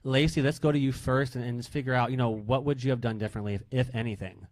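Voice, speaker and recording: A man's voice: medium pitch, fairly even intonation, quick pace, darkish tone, no echo. A man hosting a radio interview show, chatting casually with guests and asking follow-up questions.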